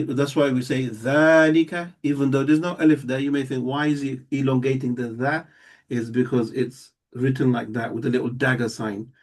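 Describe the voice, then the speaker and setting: A man's voice: medium pitch, a little mellow. A man teaching a live Arabic class, explaining step by step and checking that students follow. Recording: voice somewhat distant from the mic.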